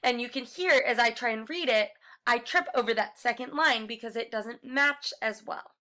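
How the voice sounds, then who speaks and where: A woman's voice: a little high, normal speed, bright, forceful tone. A woman music teacher explaining a class project step by step in a recorded lesson, now and then singing short examples.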